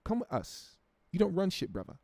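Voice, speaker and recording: A man voicing a menacing, mocking London gangster with a high-pitched put-on voice. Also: wildly swooping pitch, brisk, creaky, a little mellow, no room sound, studio quality, heavily acted. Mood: taunting.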